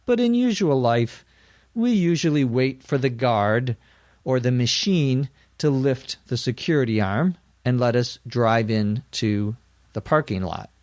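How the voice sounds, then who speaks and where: A middle-aged man narrating a scripted English lesson, slowly and carefully explaining each word. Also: medium pitch, lively intonation, darkish tone, no echo, clean studio sound. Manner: slow and deliberate, defining words plainly. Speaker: English teacher.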